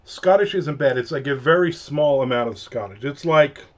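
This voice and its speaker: A man's voice: a little high, normal speed, lo-fi sound. A man in his fifties chatting casually on a live stream, telling a rambling, joking story. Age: 50s. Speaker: author streaming a live writing session.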